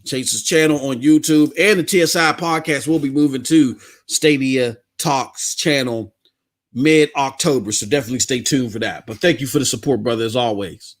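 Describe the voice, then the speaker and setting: A middle-aged man, hosting a casual live gaming stream, animated and repetitive, laughing often. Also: medium pitch, moderate pace.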